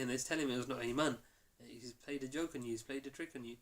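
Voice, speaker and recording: A man teaching a mosque class, telling the story in a lively way and acting out the quoted lines. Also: mid-range voice, brisk, few pauses. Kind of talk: storytelling lesson.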